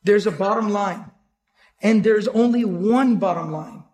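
A man teaching an educational lecture series on the life of the Prophet, earnest and emphatic, repeating his key points and reciting Arabic verses quickly. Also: high-pitched, a little mellow. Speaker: Islamic teacher.

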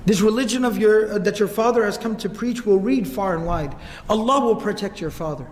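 Brief: a man as a calm, dignified father, earnest, high voice, long hall echo. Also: brisk, a little hiss or hum, lightly acted. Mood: consoling. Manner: earnest, repeats words for emphasis. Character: wronged father, dignified, steady, consoling.

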